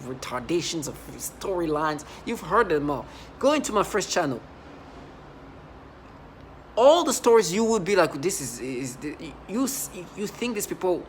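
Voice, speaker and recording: A vlogger delivers a rambling personal monologue in an agitated, intense voice of middling pitch. The talk keeps breaking off and restarting, jumping into quoted asides, and swings from loud outbursts down to low muttering. A faint hiss of noise sits under the voice.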